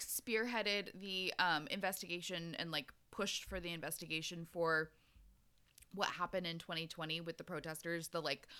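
A woman's voice: on the low side, sharp tone, smooth. A woman co-hosting a podcast, rambling casually with lots of fillers and swearing. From Pacific Northwest of the US. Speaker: podcast co-host. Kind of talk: casual chat.

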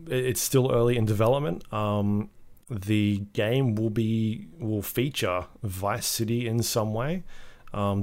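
A man co-hosting a podcast, chatting casually about game news with a relaxed, hesitant delivery and plenty of ums. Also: lowish voice. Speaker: podcast co-host. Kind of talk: casual gaming news chat.

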